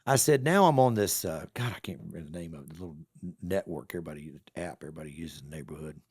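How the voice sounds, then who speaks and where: A gravelly middle-aged man with a drawl tells a story on a podcast, his voice rising and falling as he plays every part himself. His voice sits fairly low and sounds close and dry, with no room around it. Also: racing, no echo. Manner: animated storyteller acting out both sides of a conversation. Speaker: car wash owner, podcast guest. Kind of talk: casual storytelling interview.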